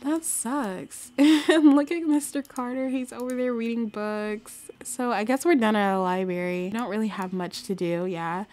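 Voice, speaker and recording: A woman's voice: a little high, fairly even intonation, moderate pace, few pauses, a little mellow. Giggly young woman playing a game. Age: young adult. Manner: giggly, gushing, lots of "like". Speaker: gaming vlogger. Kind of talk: casual let's-play commentary.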